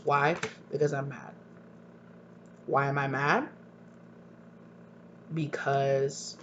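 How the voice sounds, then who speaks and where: A man giving a tarot reading to viewers, talking earnestly and emphatically, often repeating himself and asking pointed questions. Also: fairly high pitch. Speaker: tarot reader. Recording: dull lo-fi recording with faint hum.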